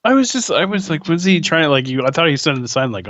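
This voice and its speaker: Casting: male podcast co-host, bright higher voice, swoopy and jokey, dull lo-fi mic. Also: quick pace, no room sound. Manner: animated, joking. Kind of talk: casual movie review chat.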